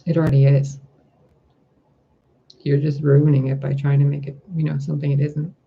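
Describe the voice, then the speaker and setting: A man giving a spiritual tarot reading, talking in a gentle, reflective way and asking rhetorical questions. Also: a little high, monotone, moderate pace, gravelly, husky, lo-fi sound. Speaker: tarot reader.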